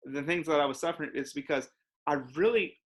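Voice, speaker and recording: A man's voice: a little high, brisk. A young man co-hosting a church podcast, chatting casually and rambling, with lots of fillers and laughs. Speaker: co-host.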